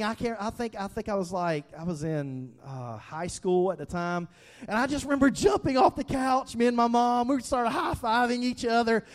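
A man preaching a sermon in an animated way, sometimes shouting and sometimes going soft, acting out the quotes he tells. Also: high-pitched, moderate pace. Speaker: pastor.

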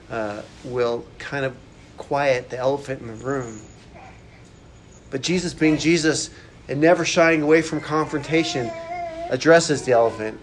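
A man's voice: medium pitch, a little hiss or hum. A man preaching a sermon as a pastor, casual and conversational with slangy asides.

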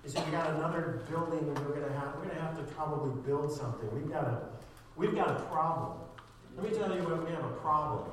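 A man's voice: on the high side, quick pace, slight background noise. Fervent pastor man in an echoey hall. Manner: sarcastic streak, builds to fervent emphasis. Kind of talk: sermon. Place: church sanctuary. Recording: echoey church hall, distant mic.

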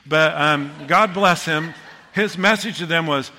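Middle-aged male pastor with a bright, lively delivery, preaching in a reverberant hall. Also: a little high, unhurried. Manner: storytelling, animated, self-deprecating humor. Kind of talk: sermon.

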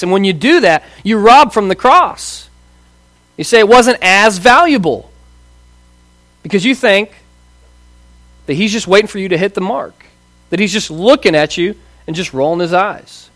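A man's voice: high voice, animated, moderate pace, fairly bright tone, no room sound. A man in his thirties preaching a conversational sermon, asking rhetorical questions and acting out voices. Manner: casual, asks rhetorical questions, acts out quoted voices. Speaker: pastor.

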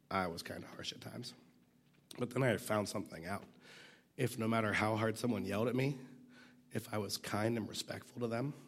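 A man teaching a Bible passage in a casual, conversational way, fighting a cough and sometimes dropping to a near whisper. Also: fairly low pitch. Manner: conversational, self-deprecating, drops to near whisper at times.

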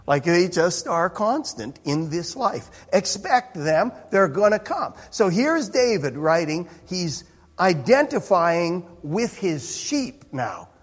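A man's voice: high-pitched, big pitch swings, slow pace, husky. A man preaching a sermon as pastor, in a conversational, self-interrupting way with chuckling asides. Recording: reverberant hall.

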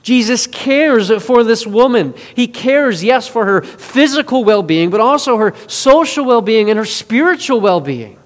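A man preaching a sermon in an earnest way, moving between forceful and hushed delivery. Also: very high-pitched, animated, unhurried, few pauses. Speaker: pastor. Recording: long reverb of a large hall.

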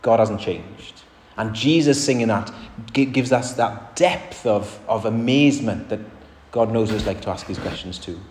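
A man's voice: on the low side, normal speed, darkish tone, a little hiss or hum. A man preaching a sermon in an earnest, conversational way, his emphasis rising and falling. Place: church. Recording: echoey church hall.

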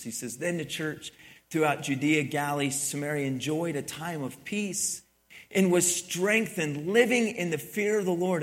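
A man preaching a sermon, telling a story in a loose, rambling way and swinging from quiet asides to loud, excited retellings. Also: medium pitch. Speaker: pastor.

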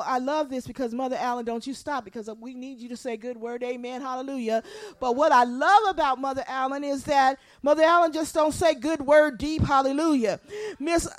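In a high-sitting voice with no echo, a woman pastor preaches an animated sermon. She acts out quotes and asks the congregation to respond.

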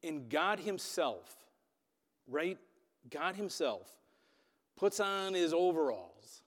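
A man preaching a sermon, telling a Bible story dramatically with loudness that rises and falls. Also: a little high, sing-song, slow pace. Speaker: pastor. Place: church hall. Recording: long reverb of a hall.

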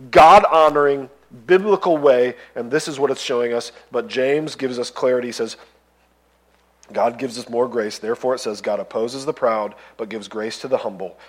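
A male pastor preaching a sermon. He reads scripture aloud between his remarks and builds to loud, impassioned pleading. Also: a little high, rough recording.

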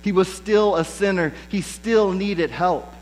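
Guy preaching, kinda high voice, chatty, acts out quotes, faint hum in the bg. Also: unhurried, low-quality recording. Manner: conversational preaching with lively acted-out quotes. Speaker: pastor. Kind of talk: sermon.

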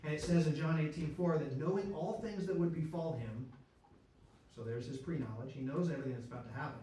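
A Bible teacher talks fast in a fairly high, mellow voice, running a conversational study full of rhetorical questions and check-ins with his audience, correcting and restarting himself mid-sentence. The mic is far away in a very echoey room, and there is a little hiss or hum.

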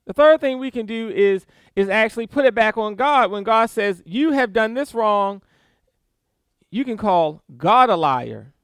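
Animated high-voiced male preacher. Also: unhurried, clear, resonant tone, no room sound. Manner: animated, reads scripture aloud with emphatic stresses and small laughs. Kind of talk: sermon.

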